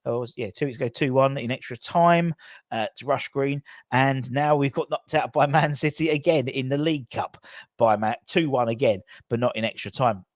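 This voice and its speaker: Male football channel host, casual rambling commentary, average pitch, dry close sound. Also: moderate pace, no room sound. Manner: rambling, self-correcting, chatty.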